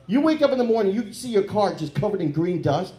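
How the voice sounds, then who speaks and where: A man works through a crude, rambling stand-up set on a comedy club stage, and his voice sits a little high for a man. He keeps breaking into loud mock voices. The handheld mic picks up an echoey room around him. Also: very animated, fast talker.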